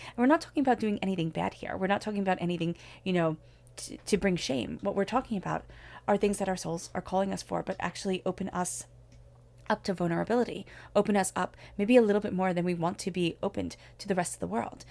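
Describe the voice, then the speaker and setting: A woman's voice: medium pitch, fast, gravelly, a little mellow. A woman giving a spoken tarot reading, talking in an earnest, reflective way as she offers spiritual guidance. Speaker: tarot reader.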